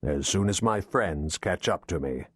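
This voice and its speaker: Narrator reading a hitman faking easy, friendly chatter, low and dry. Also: lively intonation, a little slow, a bit bright, husky, no room sound, exaggerated voice. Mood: casual cover. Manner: casual, falsely friendly. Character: Russian hitman faking easy American small talk.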